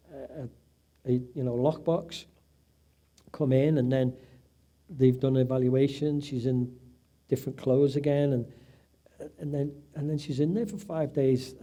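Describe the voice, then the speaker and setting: A man's voice: fairly high pitch, dark tone. A middle-aged man giving an emotional personal testimony at an event, acting out the voices of people he quotes. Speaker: event speaker, patient's husband.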